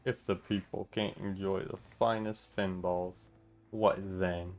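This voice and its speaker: A man voicing a stern, calm older male city boss in a slow, lowered, measured voice while reading a game story aloud. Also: faint music behind. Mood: grave.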